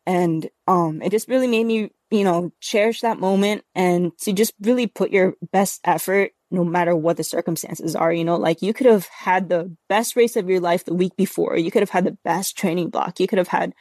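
A woman's voice: on the low side, normal speed, few pauses, darkish tone, no echo, studio quality. A woman talking earnestly as a podcast guest, rambling with many fillers. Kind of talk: casual interview talk.

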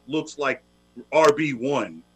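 A man's voice: mid-range voice, expressive, slow pace, a little hiss or hum. A man co-hosting a football show, breaking down games with wisecracks and jokey asides. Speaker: football analyst co-host. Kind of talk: casual sports analysis chat.

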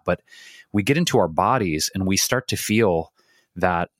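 A man's voice: sits low, moderate pace, dry recording, studio quality. A man co-hosting a podcast who speaks in long, rambling, reflective and effusive stretches. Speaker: podcast co-host. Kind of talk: casual conversation.

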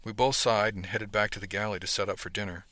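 Bright-voiced man narrating a story. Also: fairly low pitch, quick pace, no echo. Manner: steady storytelling. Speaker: audiobook narrator. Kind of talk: scripted first-person narration.

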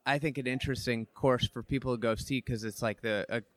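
A man's voice: mid-range voice, fairly even intonation, fairly quick, no echo. A man hosting a casual interview, chatty and enthusiastic, leaning on fillers like "you know" and "like". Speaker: interview host.

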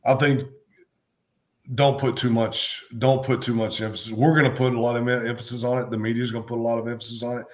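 A man's voice: medium pitch, level tone, quick pace. A middle-aged man, a former football coach and co-host, talking sports in a casual, emphatic way, repeating phrases to drive his points home.

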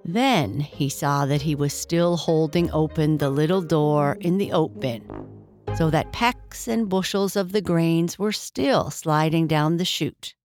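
Slow, gentle woman reading bedtime stories. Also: deep voice, faint music behind. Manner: slow, gentle and soft-spoken. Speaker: bedtime story narrator. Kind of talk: soothing bedtime story narration.

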